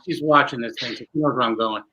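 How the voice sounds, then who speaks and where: A man, a magician guest, telling a long animated story with many restarts in a candid interview. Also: medium pitch, quick pace, muffled recording.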